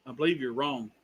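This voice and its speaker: A man's voice: mid-range voice, fairly bright tone, slightly rough. A man on a live stream delivering an angry, profane, exasperated rant.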